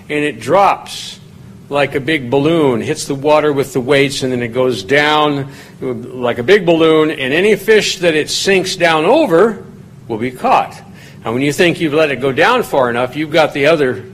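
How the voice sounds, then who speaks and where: A man's voice: medium pitch, a little hiss or hum, rough recording. A man giving a conversational Bible study, explaining scripture in plain talk and lifting his voice when he reads quoted lines aloud. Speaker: Bible teacher.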